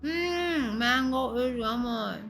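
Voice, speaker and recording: A woman's voice: fairly high pitch, expressive, slow pace, creaky, a bit bright, faint music behind. A young woman streaming, chatting casually and playfully with her chat and stumbling over tongue-twisters.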